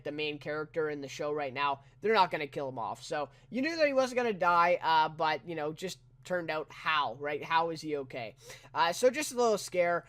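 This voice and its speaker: Higher-voiced man, rambling TV review. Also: fairly bright tone. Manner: rambling, full of "you know" and "right?"; incredulous asides. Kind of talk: casual spoken episode review.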